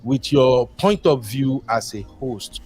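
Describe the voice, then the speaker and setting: A man's voice: mid-range voice, expressive, slow pace, a little mellow, faint music behind. A man from Nigeria with a Nigerian accent, calling in to a show and talking casually at length, slipping pidgin into his English. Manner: rambling, mixes pidgin into English. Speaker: caller. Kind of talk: casual call-in talk.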